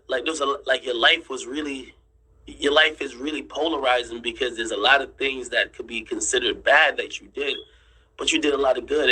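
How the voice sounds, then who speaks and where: Male streamer, bright, edgy husky tone, casual swearing storyteller. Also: medium pitch, low-quality recording. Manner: insistent, repeats himself, swears freely; draws on screen while explaining. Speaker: streamer and commentator.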